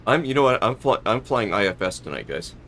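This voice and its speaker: A man's voice: fairly low pitch, very animated, a little fast, fairly bright tone, a little hiss or hum. A man hosting a live stream, chatting casually and rambling as he flies a flight simulator, often correcting himself and laughing.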